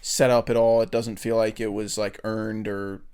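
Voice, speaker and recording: A man's voice: lowish voice, flat delivery, moderate pace, a little mellow, clean tone. A young man co-hosting a podcast in casual chat, rambling and profane, often laughing as he retells movie scenes. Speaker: podcast co-host.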